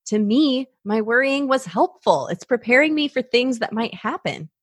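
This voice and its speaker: A woman's voice: a little high, expressive, normal speed, breathy edge, dry recording, clean studio sound. A woman hosting a personal podcast, talking animatedly and acting out her own anxious inner thoughts. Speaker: podcast host.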